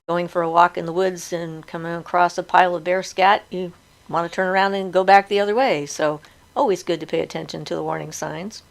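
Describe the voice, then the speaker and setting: A middle-aged woman hosts a relaxed live chat in a low, gravelly voice. She is chatty and laughs easily, and she breaks off to read viewer comments aloud. Her speech is loose and conversational, with plenty of fillers. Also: fairly quick.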